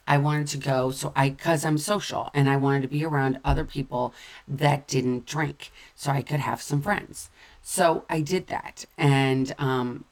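A woman's voice: very deep voice, fairly even intonation, a little slow, a little mellow. A middle-aged woman speaking candidly and conversationally about her own recovery, often repeating phrases for emphasis. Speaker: sober-living speaker. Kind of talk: personal recovery talk.

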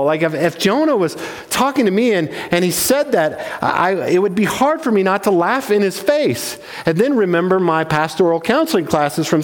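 A man's voice: sits high, big-room sound. A man preaching a sermon as pastor, earnest and emphatic, often restarting his phrases.

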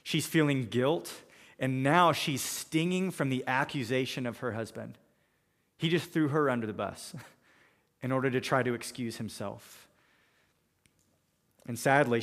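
A man's voice: mid-range voice, unhurried, a bit bright. Man, pastor, sermon, expository preaching, long reverb hall. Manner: expository preaching, quoting scripture and paraphrasing characters.

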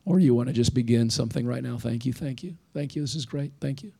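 A man's voice: medium pitch, fast talker, creaky, dark tone, slightly rough. A man in his thirties who pastors a church, preaching a sermon in an earnest, conversational way and repeating emphatic phrases. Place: church sanctuary.

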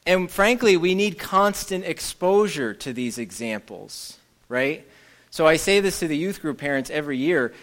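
A man's voice: a little high, expressive, moderate pace, fairly bright tone. Guy preaching to a church group, chatty and jokey, easygoing. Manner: casual, joking, conversational. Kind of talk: church teaching talk.

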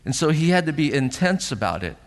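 A middle-aged man preaching a sermon as pastor in a church sanctuary, animated, acting out voices and asking rhetorical questions. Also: on the high side, a little fast. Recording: long hall reverb.

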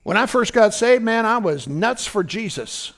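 High, lively-voiced male preacher. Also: normal speed. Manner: fervent preaching, frequent "praise God" and "are you listening to me?". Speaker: pastor. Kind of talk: sermon.

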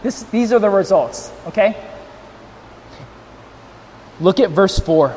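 A man preaches with a high voice, swinging from near-shouted emphasis to gentle, hushed moments as he strains to carry without a monitor. His voice rings in a reverberant hall. Faint background noise sits underneath. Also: expressive, takes it slowly, long pauses. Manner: swings between loud, near-shouted emphasis and softer, tender passages. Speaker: pastor. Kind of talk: sermon.

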